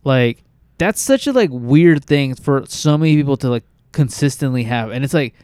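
A man's voice: mid-range voice, animated, normal speed, darkish tone, clear, resonant tone, dry recording. A young man co-hosting a podcast, talking casually and loosely, swearing often and filling his talk with "like" and "dude". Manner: laid-back, swears a lot, says "like" and "dude" constantly. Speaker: podcast co-host.

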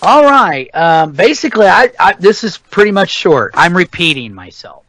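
A man's voice: sits high, very animated, normal speed, fairly bright tone, no room sound, poor audio. A middle-aged man chatting casually as a podcast co-host, rambling and swearing freely. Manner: rambling, profane, ranting. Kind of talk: casual chat about metal albums.

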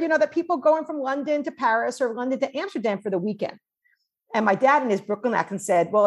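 Chatty, husky-voiced woman psychologist. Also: a little high. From New York. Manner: animated, chatty storytelling with fillers. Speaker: cross-cultural psychologist guest. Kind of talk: conversational interview.

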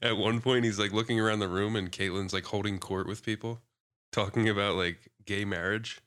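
A man's voice: lowish voice, steady tone, a little fast, fairly bright tone. A man co-hosting a podcast, trading short laid-back remarks in casual chat. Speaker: podcast co-host.

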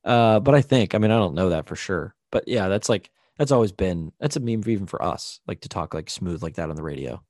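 A man's voice: sits low, lively intonation, a little fast, few pauses, a little mellow, dry recording, studio quality. A man co-hosting a casual podcast, explaining things at length with many fillers. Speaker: podcast co-host. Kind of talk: casual chat.

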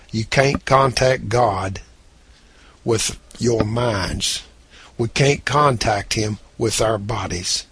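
A man's voice: mid-range voice, fairly bright tone, slightly rough, dry recording. A man preaching a sermon, reading scripture aloud and pressing his points with emphasis.

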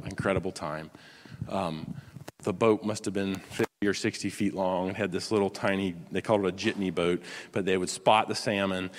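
A man preaching a sermon in a conversational, storytelling way, dropping to a hush for quoted lines. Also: low voice. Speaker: pastor. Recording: long hall reverb.

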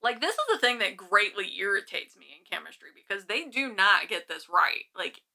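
Bright woman chatting, full of "like". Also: mid-range voice, animated, normal speed, gravelly. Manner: chatty, full of "like", asks questions. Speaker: podcast co-host. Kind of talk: casual chat.

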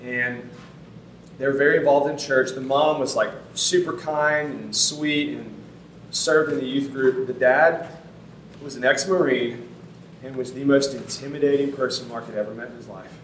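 A man's voice: mid-range voice, moderate pace, fairly bright tone, a little hiss or hum. A man in his thirties, a pastor telling a story in a sermon, conversational and earnest with casual fillers. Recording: roomy sound from a distant mic.

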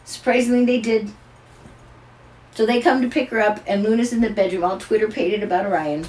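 A woman's voice: medium pitch, brisk. An older woman, a grandmother, telling a family story in casual chat and acting out the voices. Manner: animated, acts out voices in her stories.

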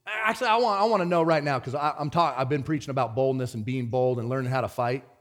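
A man preaching a sermon as pastor, swinging from shouted excitement to quiet earnest talk. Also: mid-range voice, fast talker.

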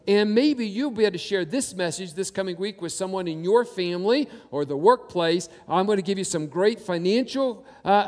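Male pastor, high voice, preaches with emphatic repetition, long hall reverb. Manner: emphatic preaching with repetition and slow stressed quotes. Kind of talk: sermon.

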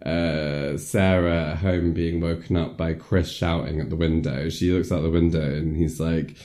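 Man, deep voice, mellow tone, casual rambling film recap. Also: steady tone, normal speed. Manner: rambling storyteller, many ums, acts out lines in silly voices. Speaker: podcast co-host recapping a film. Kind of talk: casual chat.

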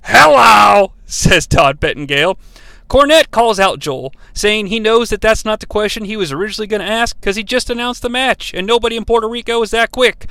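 High bright-voiced male podcast host. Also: fairly quick, clear, resonant tone, no room sound. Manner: wry, chuckling asides to listeners. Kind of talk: casual recap of an old wrestling broadcast.

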